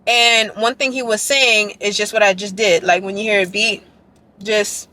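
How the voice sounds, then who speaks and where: A young woman telling a rambling, excited story to her camera in a casual vlog. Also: moderate pace. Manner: excited, rambling, quotes others in a lowered voice. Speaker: dance vlogger. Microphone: handheld camera.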